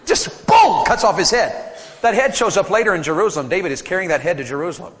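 A man from Tennessee preaching a sermon to teenagers, telling stories animatedly with sudden loud shouts. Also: high-pitched, expressive, fast talker. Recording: long reverb of a big hall.

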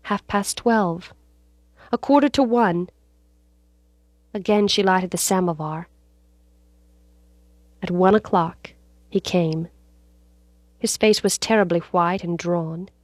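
Woman narrating a story, measured and dramatic. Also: fairly low pitch, dry recording.

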